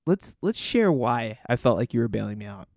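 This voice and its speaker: Young male co-host, dry wry humor, mid-pitched voice, close dry mic. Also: very animated, brisk, darkish tone, no room sound. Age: young adult. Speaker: podcast co-host. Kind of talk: casual chat.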